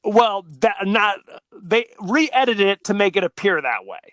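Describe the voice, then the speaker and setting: A man's voice: high voice, very animated, unhurried, a bit bright, no room sound. A man co-hosting a podcast, chatting casually about a movie in a rambling way, laughing often and using many fillers. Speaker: podcast co-host.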